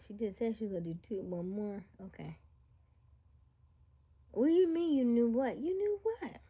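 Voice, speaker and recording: A young woman hosting a casual livestream, reading the chat and joking playfully, dropping into soft whispers between livelier bursts. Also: on the high side, moderate pace, slightly rough, highs cut off. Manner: relaxed, playful, slangy. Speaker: livestream host.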